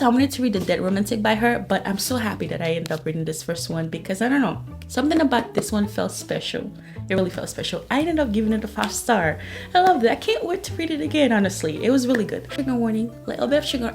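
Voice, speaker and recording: A young woman chatting about books she read this month, gushing and retelling plots with quick quoted asides. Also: mid-range voice, darkish tone. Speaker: book reviewer. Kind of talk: casual monthly reading wrap-up.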